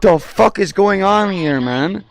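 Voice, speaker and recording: High, creaky man in a panic. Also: lively intonation, measured pace. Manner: panicky, yelps and swears a lot. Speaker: VR chat streamer. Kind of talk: casual reactive commentary. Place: at home, playing in virtual reality.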